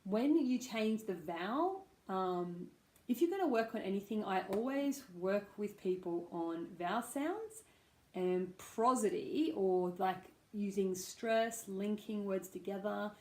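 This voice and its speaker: An Australian woman coaches pronunciation, modelling vowel sounds one by one. She speaks slowly and patiently, and her voice rings in an echoey room. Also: medium pitch, lively intonation, mellow. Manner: slow, patient, demonstrating sounds. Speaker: accent coach. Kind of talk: pronunciation lesson.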